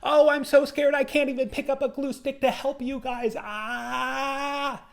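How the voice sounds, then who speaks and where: A man voicing a panicking young male student who spirals into breathless, shrill alarm during a group project. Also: flat delivery, normal speed, creaky.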